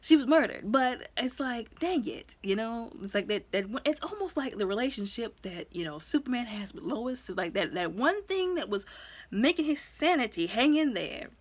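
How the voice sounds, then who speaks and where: Animated woman chatting a movie review. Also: on the high side, moderate pace. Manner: chatty and animated, acts out characters' lines. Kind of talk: casual spoken movie review.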